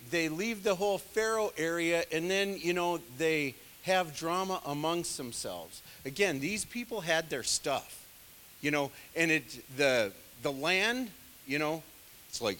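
A man's voice: high-pitched, fairly bright tone, long reverb tail. A man leading a casual Bible study, talking in a rambling, digressive and self-deprecating way, full of conversational asides. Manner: many fillers, conversational asides. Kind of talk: casual teaching sermon.

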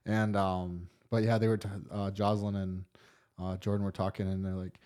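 A man on a casual podcast with a mellow, dark, lowish voice. He talks in a laid-back way, stringing thoughts together with lots of fillers. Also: flat delivery, moderate pace. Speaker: podcast co-host.

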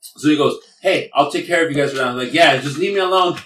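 A man telling a profane, animated story in casual chat, slipping Spanish words into his English. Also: fairly high pitch, fast talker, a little hiss or hum. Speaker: podcast guest telling a story. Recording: echoey room, distant mic.

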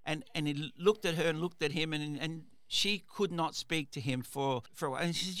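A radio talk show host tells a story in a rambling casual monologue, repeating words and restarting himself. His voice is on the high side and a bit bright, fairly quick with few pauses, and there's no room sound.

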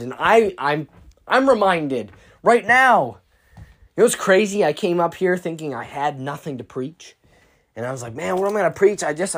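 A teenage preacher giving an informal sermon, earnest and halting, with frequent restarts and bursts of excited emphasis. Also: mid-range voice. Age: teens.

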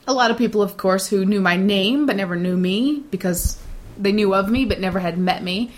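A middle-aged woman talks in a relaxed, blunt way, sure of herself and unbothered. When she quotes nervous coworkers, she slips into mocking put-on voices. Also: medium pitch, brisk, slight background noise. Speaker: data center shift supervisor. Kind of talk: casual chat.

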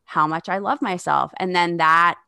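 A woman in her thirties speaks in a low, gravelly voice with plenty of fry. She talks frankly and sarcastically as a podcast guest and swears freely. The sound is dry and close. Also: fairly even intonation, moderate pace, bright, forceful tone, dry recording. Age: 30s. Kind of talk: candid podcast conversation.

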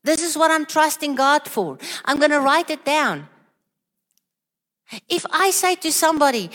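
A woman's voice: sits high, animated, a little slow, sharp tone, big-room sound. A woman preaching a sermon, earnest and questioning, with many repeated rhetorical questions.

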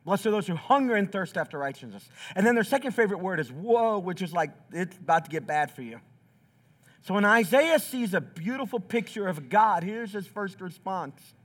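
A man preaching from the pulpit in a church, his voice sitting high for a man. It rises and falls in wide, animated swings as he acts out the scripture he quotes. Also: moderate pace. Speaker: pastor. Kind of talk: sermon. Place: church sanctuary.

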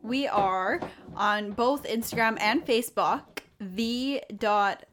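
A woman's voice: fairly high pitch, slow pace, a bit bright, slight background noise. A young woman co-hosting a relationship podcast, chatting casually and teasing her partner playfully. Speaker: podcast co-host. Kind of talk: casual chat.

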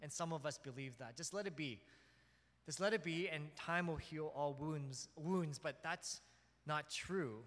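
A man preaching a sermon as pastor, telling family stories with lively acted-out scenes. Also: on the high side, measured pace, in a large hall. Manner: animated storytelling, acts out scenes.

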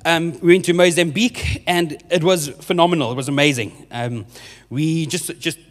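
A young man, a youth minister telling a humorous testimony in a church service, animated and often laughing at himself. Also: fairly high pitch, normal speed. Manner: animated storyteller, laughs often, self-mocking. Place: church hall with a live audience. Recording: reverberant hall sound.

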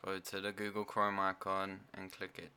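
A man's voice: low voice, monotone, moderate pace, bright, forceful tone, clean tone. A young man chatting casually with a friend, hesitant and mumbling, full of fillers. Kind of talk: casual chat.

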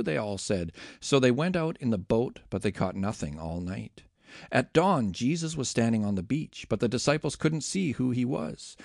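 A man reads scripture aloud in an expressive, dramatic way. His pitch swings widely and his voice has a gravelly grain. The recording is close and dry. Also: normal speed, no echo. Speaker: scripture reader.

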